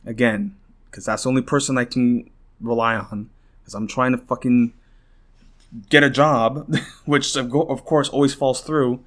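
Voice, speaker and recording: A man's voice: medium pitch, fairly bright tone. A young man hosting a podcast, venting in a rambling, frustrated rant full of swearing and restarts, worn out and close to tears. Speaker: podcast host.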